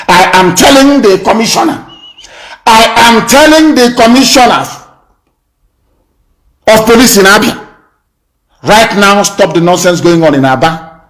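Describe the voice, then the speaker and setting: A man delivers a fiery political address over a live broadcast. His voice sits high, and he hammers the same warnings again and again, moving between slow, deliberate threats and sudden shouts. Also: poor audio. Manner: swings from measured speech to shouting. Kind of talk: impassioned political speech.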